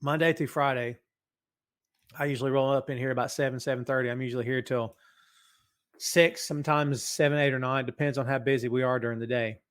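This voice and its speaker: A middle-aged man hosting a live wrestling podcast from his office, reading out chat comments in an animated, hyped way. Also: mid-range voice, brisk. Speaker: podcast host. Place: home office.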